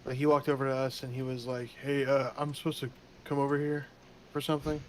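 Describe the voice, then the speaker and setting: A man in casual chat, talking quickly in a slangy, offhand way. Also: mid-range voice, level tone, slight background noise, rough recording. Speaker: fellow role-player.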